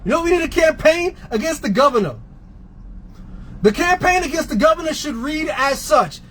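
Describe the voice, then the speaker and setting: High-voiced man, impassioned union rant, sarcastic and relentless, slight background hiss. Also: lively intonation, normal speed, a bit bright, low-quality recording. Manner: fiery, sarcastic, repetitive rhetorical questions. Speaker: transit union member.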